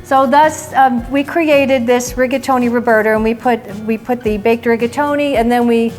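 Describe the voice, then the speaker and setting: Brief: higher-voiced woman chef from New York, lively chatty storyteller, faint music behind. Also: normal speed. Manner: chatty, animated storyteller acting out quotes. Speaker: chef and cooking show host. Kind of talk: casual storytelling chat. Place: client's home kitchen.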